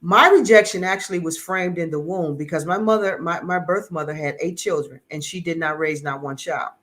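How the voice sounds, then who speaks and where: A man's voice: on the high side, a little fast, bright, forceful tone. A middle-aged man giving an earnest, emotional personal testimony as an interview guest, often repeating words as he searches for them.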